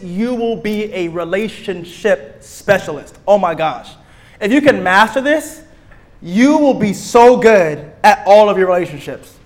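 A young man with a voice pitched high for a male is teaching a church group. He's lively and playful, acting out little scenes and driving home his main points by repeating them.

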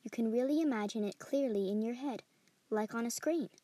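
A woman reading a story aloud in a steady, descriptive way as a podcast host. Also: fairly high pitch, brisk, no room sound. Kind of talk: scripted story narration.

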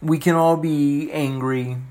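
A man in his forties talking earnestly and gently to the camera, halting often and restarting his sentences, with soft emotional laughs. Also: fairly high pitch, fairly even intonation. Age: 40s. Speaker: vlogger. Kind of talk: heartfelt personal talk to camera.

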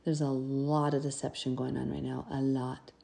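A woman's voice: rumbling low, level tone, normal speed, creaky, warm tone. A woman hosting a podcast, reading scripture and commenting in an earnest, conversational way. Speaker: podcast host.

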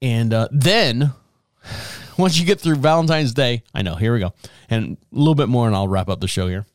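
A middle-aged man hosting a podcast, chatting casually and rambling with frequent laughs and quick high-voiced impressions. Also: no echo, studio quality. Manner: rambling, animated, laughs often, mimics others in high voices. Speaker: podcast host. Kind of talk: casual solo chat.

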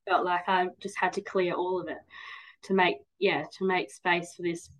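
Her voice is lowish with little pitch movement, and she talks at normal speed over poor audio. She's a woman in her 30s being interviewed as a podcast guest, speaking openly and at length in a casual way. Lots of "like"s and "um"s fill her rambling answers.

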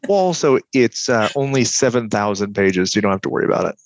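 A young man chatting on a podcast with dry, sardonic deadpan humor. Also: on the low side, fast, no echo. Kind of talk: casual chat.

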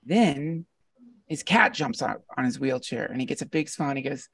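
A man, a podcast guest, telling a heartfelt personal story in an animated, earnest way and often laughing. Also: medium pitch, normal speed, gravelly, breathy edge, no room sound, distant mic. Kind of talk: casual storytelling conversation.

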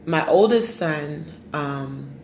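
A woman's voice: low-pitched, expressive, takes it slowly, a little mellow. A woman in her thirties co-hosting a casual chat, blunt and emphatic as she vents about her kids. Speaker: podcast co-host. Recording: echoey room with faint noise.

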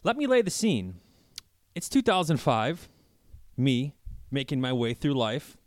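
A man's voice: medium pitch, sing-song, unhurried, no room sound, studio quality. A man hosting a casual podcast, telling rambling stories loosely and profanely, acting out what others said. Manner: rambling storyteller who acts out both sides of conversations; loose and profane, with many fillers. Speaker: podcast host. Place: podcast room at his workplace.

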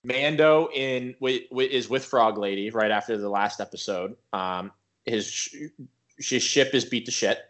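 A man co-hosting a casual podcast, recapping an episode in a rambling, animated way with lots of filler words. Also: medium pitch, measured pace. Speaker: podcast co-host.

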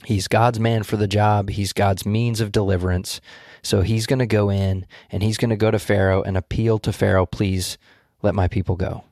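A man with a fairly low voice talks through a scripture passage, thoughtful and explanatory, often restarting his sentences. The sound is dry and close, with no room around it. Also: little pitch movement, normal speed, a little mellow, no echo. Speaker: Bible study co-host. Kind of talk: casual Bible study discussion.

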